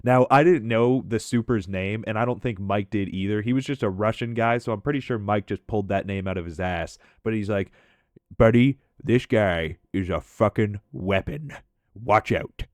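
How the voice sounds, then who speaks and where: Low-voiced man telling work stories. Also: a little fast, hardly any pauses, no room sound, studio quality. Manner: animated, profane, conversational. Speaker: gaming commentator and storyteller. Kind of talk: casual storytelling over gameplay.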